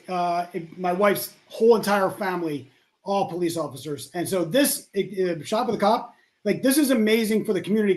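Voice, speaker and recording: A man who is a guest on a studio podcast, talking with eager emphasis and repeating key points. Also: high-pitched. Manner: enthusiastic, emphatic, repeats himself. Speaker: guest, real estate expert. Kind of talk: casual podcast chat.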